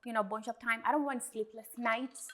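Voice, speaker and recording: A woman's voice: a little high, steady tone, brisk, fairly bright tone, a little hiss or hum. A woman attorney co-hosting a podcast, speaking emphatically and mixing in Spanish phrases in a casual chat.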